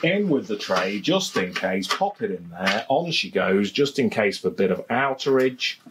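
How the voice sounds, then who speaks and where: Very animated, with a fairly low voice and normal speed, an English man with a Leicestershire accent jokes his way through a beer review. He's outside in his garden at home, chatting casually and often repeating phrases.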